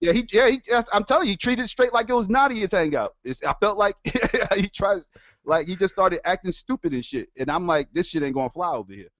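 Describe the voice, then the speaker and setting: Profane, animated man ranting on stream. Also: high voice, a little fast, no room sound. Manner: profane, animated, laughs often. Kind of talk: casual rant to stream. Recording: dull lo-fi dry sound.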